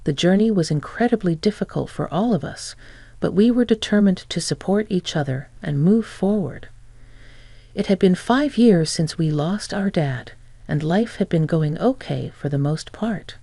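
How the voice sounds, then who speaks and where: A young adult woman reading a first-person family story in an even, measured storytelling delivery. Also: fairly low pitch, creaky, no echo. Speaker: narrator. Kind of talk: scripted first-person narration.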